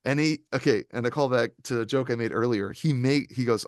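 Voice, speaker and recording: A man's voice: medium pitch, a little fast, hardly any pauses, clear, resonant tone, no echo, studio quality. A man co-hosting a movie review podcast, telling long stories in casual chat with many fillers and restarts. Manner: rambling, animated storytelling with frequent fillers. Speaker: podcast co-host.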